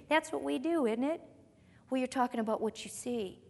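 A woman's voice: sits high, normal speed, gravelly. A woman pastor preaching a sermon, reading scripture aloud and asking emphatic rhetorical questions to her congregation. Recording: long reverb of a large hall.

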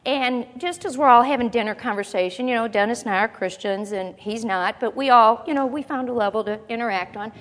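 A woman with a high voice gives a conversational Bible teaching. She talks casually and often puts rhetorical questions to her listeners. Her voice rings with a long reverb, as in a large hall. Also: brisk, hardly any pauses, fairly bright tone. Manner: chatty, asks the audience rhetorical questions.

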